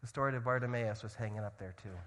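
A man preaching a sermon as a missionary, swinging from loud urgency to hushed storytelling. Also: mid-range voice, fast talker, in a large hall. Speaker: missionary speaker.

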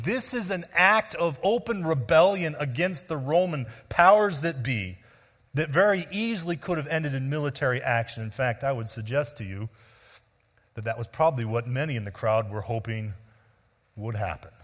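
A man preaching a sermon as pastor, explaining in an earnest teaching tone that drops low and soft on key words. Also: in a large hall.

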